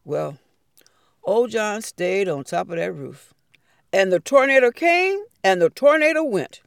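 A woman storyteller telling a folk fable in an expressive, drawn-out way. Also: mid-range voice, creaky, no echo, clean studio sound.

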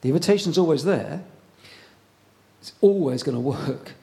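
A man preaching a sermon in a conversational way, pausing often and repeating words as he goes. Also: a little high, animated, mellow.

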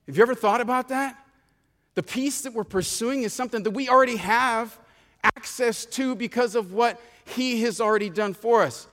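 A man's voice: high voice, expressive, normal speed, fairly bright tone, in a large hall. A man preaching a sermon as pastor, telling a story and stretching out key phrases for emphasis, often repeating himself. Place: church sanctuary.

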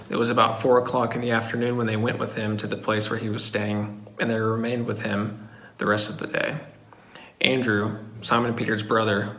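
A man reading a passage of scripture aloud in a steady, measured way. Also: on the low side. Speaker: scripture reader. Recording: echoey room.

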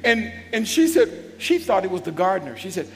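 A man preaching a sermon as a bishop, calling out to the congregation and building into shouts. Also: sits high, sing-song, brisk, gravelly. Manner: call-and-response preaching, swells into shouts. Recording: long hall reverb with faint music.

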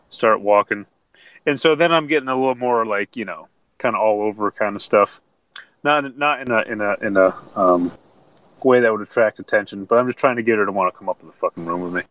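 A man's voice: on the low side, fairly quick, fairly bright tone, rough recording. A man playing a tabletop role-playing game, casual and rambling, speaking a little away from the mic. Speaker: player.

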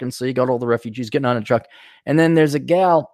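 A man's voice: a little high, fast, dry recording, clean studio sound. A man hosting a podcast, ranting sarcastically and swearing, often mocking characters in put-on voices. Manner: swears, animated and indignant. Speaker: podcast host. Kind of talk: casual ranting monologue.

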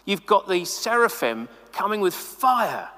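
A man preaching a sermon to the camera in a chatty, animated way, full of casual asides. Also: high-pitched, unhurried, long reverb tail. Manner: animated, conversational, many "like"s. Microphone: camera mic.

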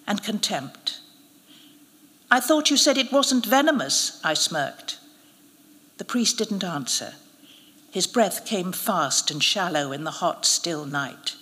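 A woman, an actress, reading a short story aloud at a live event in a measured, expressive way. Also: medium pitch. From United Kingdom. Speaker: narrator, actress. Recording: reverberant hall at a live event.

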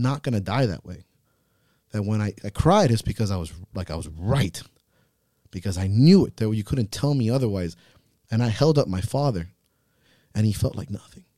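Thirties male podcast host, earnest storyteller, low register, dry close mic. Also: mellow, no room sound. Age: 30s. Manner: earnest, swears freely, halting restarts. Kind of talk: emotional personal storytelling. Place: podcast studio.

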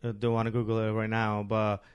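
A man's voice: on the low side, completely flat delivery, brisk, smooth. A married man co-hosting a casual podcast chat, explaining his views in an easygoing, filler-heavy way.

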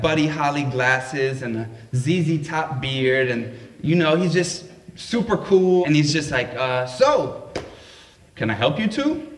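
A man's voice: medium pitch, fairly bright tone, a little hiss or hum. A man telling a funny personal story in a casual, laughing, anecdotal way. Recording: roomy echo.

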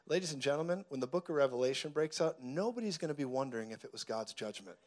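A man preaching a sermon, moving between quiet, intense stretches and loud, joking outbursts where he laughs and acts out voices. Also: medium pitch, animated, fast. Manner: preaching with humor, acting out voices. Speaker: pastor.

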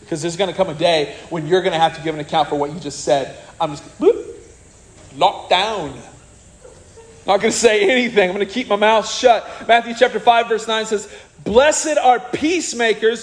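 A man preaching a sermon in an animated way, with joking asides and acted-out quotes. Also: very high voice, a little fast, rough recording. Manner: animated, jokey asides, acts out quoted people.

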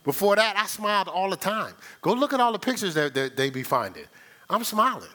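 Older male pastor, fairly high voice, animated story-driven sermon, speaks straight to the pews. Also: fairly quick. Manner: animated storytelling, sound effects and laughter; conversational, addresses the congregation directly.

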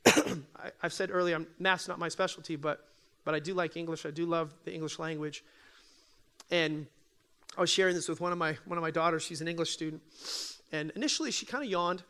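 A man's voice: sits high, fairly quick, bright, forceful tone. A middle-aged male pastor preaching in a church in a conversational style, often checking in with the audience. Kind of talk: sermon.

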